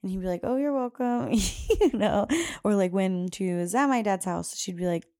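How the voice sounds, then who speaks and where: Speaking at normal speed in a dark, medium-pitched voice, a young adult woman hosts a podcast. In a casual story, she quotes her little daughter, lifting her voice to do it.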